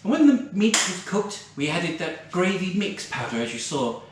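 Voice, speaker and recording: A man's voice: high-pitched, big pitch swings, normal speed, noisy background. A man playing a scatty, posh middle-aged British lady co-hosting a cooking show, plummy and rambling, saying darling constantly. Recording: very echoey room, far from mic.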